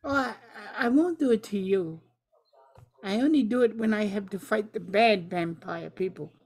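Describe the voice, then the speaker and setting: A woman's voice: mid-range voice, normal speed, a little mellow, slightly rough. A woman voicing a friendly vampire who patiently explains things in an earnest way.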